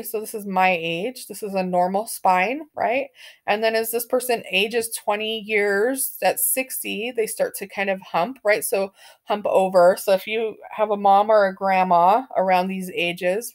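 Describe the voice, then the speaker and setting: Woman teaching a relaxed terminology class. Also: medium pitch, unhurried. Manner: conversational, asks students questions, many fillers. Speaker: medical terminology instructor. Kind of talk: classroom lecture.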